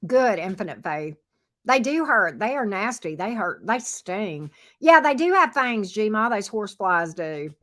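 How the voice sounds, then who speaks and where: A woman's voice: mid-range voice, sing-song, unhurried, a bit bright. A middle-aged woman, casually chatting with viewers on her livestream, answering their comments and talking to her dog from her home office. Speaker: tarot reader and livestream host.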